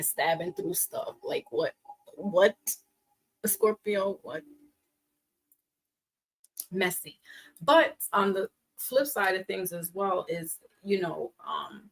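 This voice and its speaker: A woman's voice: lowish voice, expressive, slow pace, pauses often, husky, poor audio. A woman giving a casual tarot reading, chatty and teasing, laughing often as she talks. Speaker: tarot reader.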